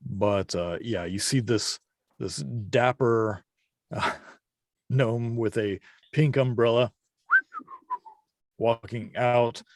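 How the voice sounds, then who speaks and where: A man running a tabletop game as game master, narrating scenes in an unhurried, descriptive way with the odd chuckle. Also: medium pitch, no room sound.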